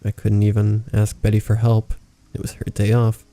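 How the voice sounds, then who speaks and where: A man reading a horror story aloud as narrator, in a calm, measured way. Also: on the low side, creaky, no echo. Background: faint rain ambience.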